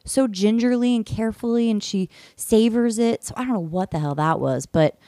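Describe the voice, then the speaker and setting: A woman telling a story in casual podcast chat, lively and swearing freely, acting out what she said back then. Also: a little high, normal speed, no echo, clean studio sound. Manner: animated, swears freely, acts out her own screams and quotes.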